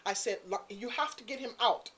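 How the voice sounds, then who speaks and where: A woman's voice: a little high, fairly quick. A woman telling a story in casual chat, acting out the voices of the people in it. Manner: animated, acts out quotes, Caribbean-inflected English. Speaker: guest storyteller.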